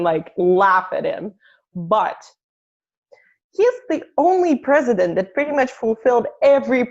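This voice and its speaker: A woman's voice: on the high side, a little mellow, dull audio. A woman from Russia with a Russian accent, a comedian talking bluntly in a casual interview, swearing freely and laughing between points. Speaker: comedian guest.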